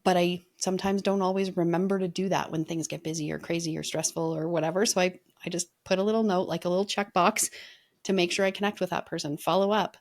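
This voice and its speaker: Reflective woman coach, lowish voice. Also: steady tone, fast. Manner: reflective, earnest, storytelling. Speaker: guest, leadership coach. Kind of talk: casual podcast conversation.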